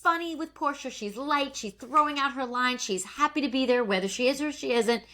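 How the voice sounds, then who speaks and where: A woman's voice: sits high, fairly quick, pushed and bright. Blunt, opinionated woman gossiping. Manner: blunt, opinionated, swears freely. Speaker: podcast co-host. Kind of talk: casual gossip chat.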